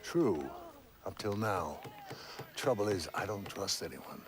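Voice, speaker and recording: A man's voice: low voice, lively intonation, takes it slowly, exaggerated voice. An actor playing a ruthless, paranoid medieval king who threatens and barks orders. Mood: menacing. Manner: menacing, commanding, shouts orders.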